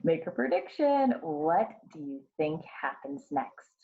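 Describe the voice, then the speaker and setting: Woman kindergarten teacher, story time, slow and very lively pitch. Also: phone-quality sound. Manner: slow, expressive storytelling with questions to the class. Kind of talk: reading a picture book aloud to children.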